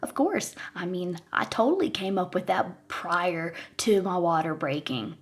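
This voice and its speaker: A woman's voice: fairly low pitch, a little slow. A woman in her thirties telling a comedic personal story to her viewers in a playful way, laughing often. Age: 30s. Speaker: vlogger.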